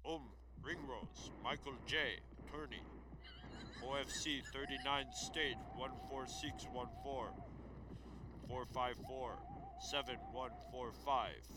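A man's voice: medium pitch, fairly even intonation, slow, heavy background noise. A man reading phone book listings aloud as a comic bit, with jokey asides. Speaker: comedic phone book reader.

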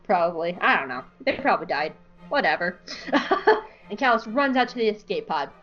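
A young woman with a lowish voice talks fairly quickly as she co-hosts a podcast, giggling and swearing her way through a comedic fan-fiction story. She's an animated storyteller, and the podcast audio sounds muffled with faint music behind it.

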